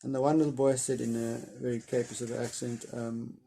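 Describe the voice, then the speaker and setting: A man reading a chapter of a children's novel aloud, then retelling it in a loose, hesitant way with many pauses. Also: mid-range voice, level tone, vocal fry, dark tone, slight background noise.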